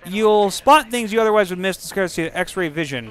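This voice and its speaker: A man giving casual let's-play commentary over a video game, excitable and profane, breaking into silly rhymes and sound effects. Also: a little high, moderate pace, hardly any pauses, a little hiss or hum. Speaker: gaming channel host.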